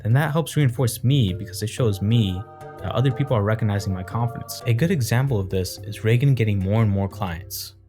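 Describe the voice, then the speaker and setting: A man calmly explaining his points in an analytical video essay. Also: on the low side, fairly quick, soft background music.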